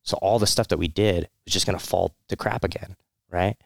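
A man's voice: low voice, fairly even intonation, fairly quick, gravelly, no room sound, clean studio sound. A man, a military veteran, telling his personal story in a candid, rambling way, with many fillers, restarts and short laughs.

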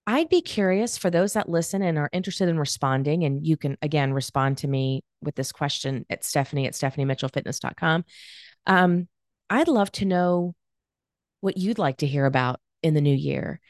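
A woman in her forties hosting a solo podcast, talking in an earnest, reflective way with halting pauses and fillers. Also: deep voice, darkish tone, no room sound, studio quality. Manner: halting, many fillers and restarts. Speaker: podcast host.

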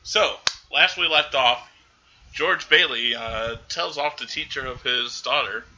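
Man, casual movie recap chat, very bright tone, dull lo-fi sound. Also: mid-range voice, measured pace. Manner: animated retelling, acting out characters' lines. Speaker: podcast co-host.

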